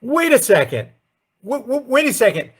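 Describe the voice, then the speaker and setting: A man's voice: extremely high pitch, very animated, moderate pace, breathy edge. A man hosting a political commentary rant, sarcastic and full of rhetorical questions. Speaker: commentary host.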